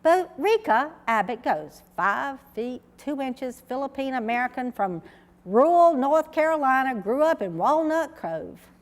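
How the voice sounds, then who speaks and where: A woman tells stories from the stage of a large lecture hall. She sounds emphatic, and her fairly high voice swoops up and down a lot. A long reverb trails behind each phrase. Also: measured pace. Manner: emphatic, animated storytelling. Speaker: researcher giving a conference talk. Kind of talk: conference keynote speech.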